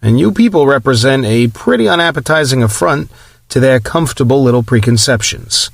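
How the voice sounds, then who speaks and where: A wry, outspoken counselor with a New England twang, as a male audiobook narrator reads him. He talks plainly and bluntly at a middle pitch. The recording is dry and close. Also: animated, fairly quick, gravelly, no echo.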